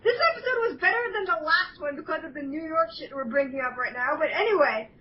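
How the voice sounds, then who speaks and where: A young woman with a high voice hosts a casual fan chat, rambling through plot recaps and acting out the quotes. She sits back from the mic, and the sound is dull and lo-fi with a faint hiss. Her recaps come in long loose runs with fillers. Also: fast talker, far from the mic. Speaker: show host.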